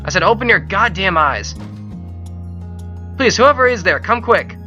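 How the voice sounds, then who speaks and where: A man reading aloud the lines of a game's father figure begging his dying son to answer, pleading and shouting out in despair. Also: a little high, lively intonation, unhurried, lo-fi sound, faint music behind. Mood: frantic. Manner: pleading, breaking into desperate shouts.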